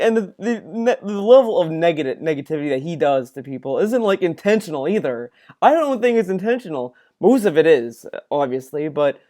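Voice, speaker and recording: A man giving reaction commentary on a clip, rambling and halting with many restarts and fillers. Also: high voice, mellow. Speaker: commentary video host.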